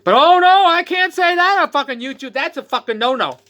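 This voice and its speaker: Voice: high-pitched, animated, brisk, pushed and bright, muffled recording. A vlogger ranting in a profane, sarcastic way, mocking other people in exaggerated voices. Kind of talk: ranting vlog.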